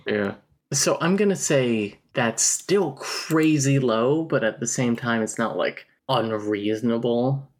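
A man with a medium-pitched voice speaks slowly as co-host of a casual podcast. He recaps a novel with wry humor, reading quotes aloud in a laid-back book recap chat.

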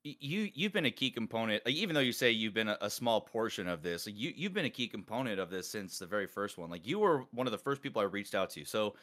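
A man hosting a casual group call, talking excitedly and rambling with many restarts. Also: fairly low pitch, quick pace, few pauses. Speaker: podcast host and collab organizer.

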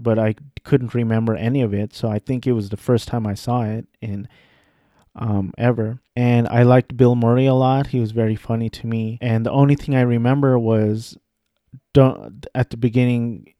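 A young man talks casually about films he has seen, circling back and correcting himself mid-thought. His voice is mellow and relaxed. The sound is dry and close, with no room around it. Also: medium pitch, no echo. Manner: rambling, self-correcting, offhand. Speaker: vlogger. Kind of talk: casual film chat.

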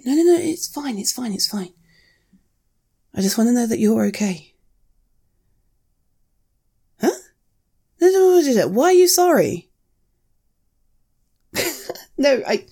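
A woman playing a caring friend, lively. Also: mid-range voice. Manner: reassuring, gentle, repeats soothing words. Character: caring young woman calming a frightened friend. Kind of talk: audio role-play.

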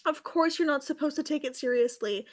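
A smug, preachy old male wizard headmaster from a parody fan story, pitched high and lecturing with overdone righteousness. A woman reads him aloud in a put-on, exaggerated tone. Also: brisk, natural voice. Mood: mock-righteous.

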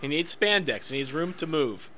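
A man with a high voice that is very bright and sharp, and his pitch swings widely as he talks. He co-hosts a podcast in playful, teasing casual chat. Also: big pitch swings, moderate pace, slight background noise. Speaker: podcast co-host.

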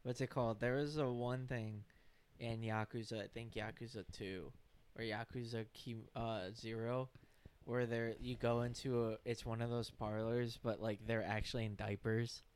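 A man telling a story in casual chat, halting and searching for words. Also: mid-range voice, fairly even intonation, darkish tone, smooth.

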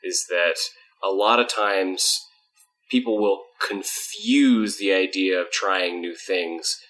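A man's voice: deep voice, takes it slowly, a bit bright. A man co-hosting a casual podcast, joking about himself, then explaining topics earnestly. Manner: joking, self-mocking, turns earnest when explaining. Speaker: podcast co-host.

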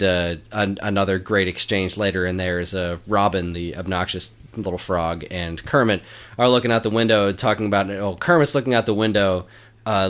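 A man with a fairly low voice chats casually and with enthusiasm. He laughs often and his talk is full of fillers and restarts. He keeps a loose, relaxed flow. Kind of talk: casual chat.

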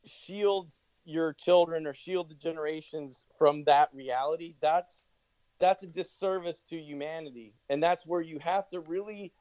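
A man's voice: a little high, measured pace, darkish tone, dry recording, muffled recording. A man talking as a guest in a casual podcast chat, rambling loosely with many restarts and swearing. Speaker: podcast guest, band member.

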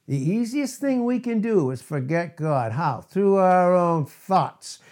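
A man preaching a sermon, emphatic and repetitive, quoting scripture with drawn-out stress and laughing between points. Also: high voice, lively intonation, a little mellow.

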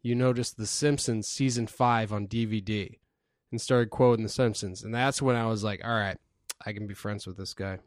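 A man's voice: on the low side, fairly even intonation, moderate pace, dry recording, clean studio sound. A man co-hosting a podcast, telling rambling stories in a casual chat, with swearing and fillers. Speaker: podcast co-host.

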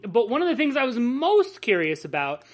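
A woman's voice: a little high, sing-song, moderate pace. A woman hosting a podcast in casual chat, talking loosely with restarts and the odd swear word. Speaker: podcast host.

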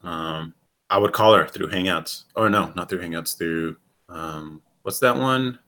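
A man from the United States chatting casually as a co-host, rambling and animated, swearing freely and laughing often. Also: sits low, unhurried. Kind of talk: casual chat.

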